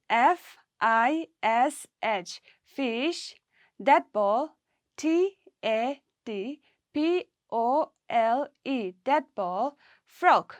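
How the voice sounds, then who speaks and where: A woman's voice: a little high, lively intonation, very slow, dry recording. A woman from Nagaland, India, teaching a primary English lesson and spelling words letter by letter for the class to repeat.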